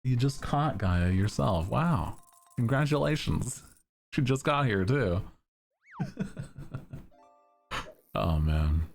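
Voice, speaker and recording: A young man streaming, chatting casually with his viewers in a deep monotone, laid-back and giggly as he reads chat. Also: slow, gravelly, long pauses, soft background music.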